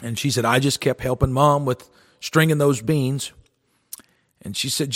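A man's voice: mid-range voice, measured pace, pauses often, in a large hall. A man preaching a sermon, telling a folksy story in an earnest way.

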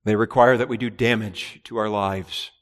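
A man's voice: lowish voice, steady tone, moderate pace, big-room sound. A man preaching a sermon in an earnest, emphatic way, with repeated phrases and rhetorical questions. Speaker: pastor.

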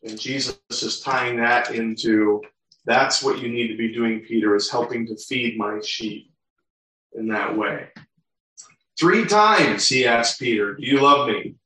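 A man's voice: medium pitch, unhurried, sharp tone. A male pastor delivering a sermon, reading scripture aloud and explaining it verse by verse. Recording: very echoey room, mic far off.

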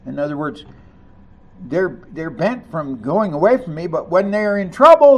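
A man preaching a sermon, reading scripture aloud and commenting on it, rising to loud emphasis on key lines. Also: high voice, animated, normal speed. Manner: reads scripture aloud and comments between passages.

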